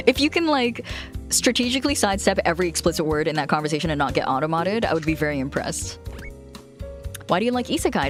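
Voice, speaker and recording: A woman streamer chatting casually and frankly with her viewers, laughing often as she tells stories. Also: medium pitch. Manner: frank, giggly, animated storytelling. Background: faint music.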